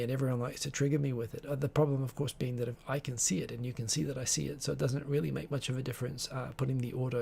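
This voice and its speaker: A man's voice: medium pitch, creaky, a little mellow, husky. A man hosting a live stream, chatting casually in a rambling, digressive way with many restarts. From Tokyo-based.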